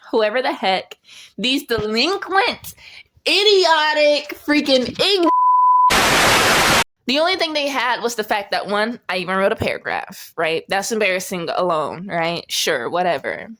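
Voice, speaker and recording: A young woman telling a casual storytime as a vlogger, chatty and animated, laughing often as she talks. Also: medium pitch.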